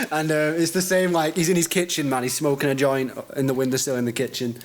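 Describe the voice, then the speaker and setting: A man's voice: on the high side, steady tone, moderate pace, slight background noise. A young man co-hosting a podcast, telling jokey stories in casual chat. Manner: joking, storytelling. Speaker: podcast co-host.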